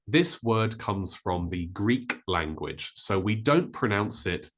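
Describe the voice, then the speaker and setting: A man teaching a vocabulary lesson, modelling each word slowly and carefully. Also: lowish voice, animated. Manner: slow, careful, with drawn-out model words. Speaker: English teacher.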